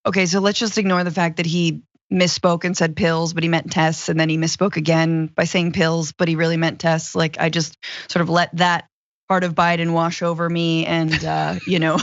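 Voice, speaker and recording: A woman's voice: deep voice, normal speed, dry recording, highs cut off. A woman co-hosting a political commentary show, talking in a sarcastic, jokey way. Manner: sarcastic, jokey, animated when mocking. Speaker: co-host.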